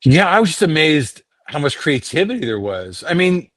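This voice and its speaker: A middle-aged voice actor, a guest in an interview, telling animated stories and slipping into quick impressions. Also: male voice, on the high side, no room sound, clean studio sound. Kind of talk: storytelling interview talk.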